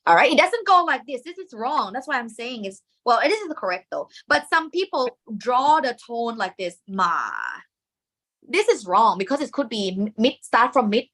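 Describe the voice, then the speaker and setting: A woman's voice: a little high, animated, normal speed, hardly any pauses, a bit bright. A woman with a Thai accent teaching Thai tones in a live online lesson, often checking in with "okay?" and singing syllables to demonstrate.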